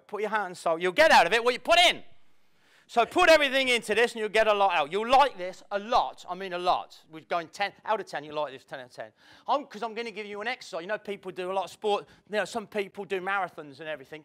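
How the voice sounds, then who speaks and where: A man's voice: sits high, a bit bright. A man giving a motivational talk to a live audience in an event room, playful and acting out the people he quotes. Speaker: motivational speaker.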